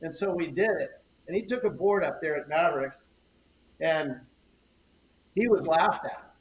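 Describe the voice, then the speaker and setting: A man's voice: fairly high pitch, a little slow, a little hiss or hum. An older man, a surfboard shaper guesting on a podcast, telling stories in a rambling way, repeating words and acting out conversations. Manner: rambling, repeats words, acts out quoted exchanges. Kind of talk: casual interview storytelling. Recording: roomy echo, faint ambience.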